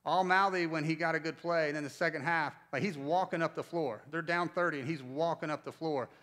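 A man's voice: fairly high pitch, brisk. A man in his forties from North Carolina preaching a sermon as pastor, telling stories conversationally and asking the congregation questions. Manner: conversational storytelling, animated, asks the congregation questions.

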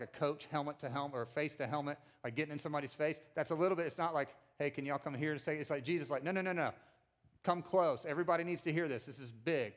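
A middle-aged man giving a conversational sermon as a pastor, animated and acting out voices of the people in the story. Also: mid-range voice.

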